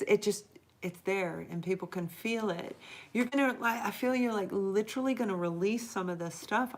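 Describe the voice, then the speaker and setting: A middle-aged woman with a mid-range voice hosts a live tarot reading, speaking earnestly and encouragingly straight to her viewers and drawing out the words she stresses.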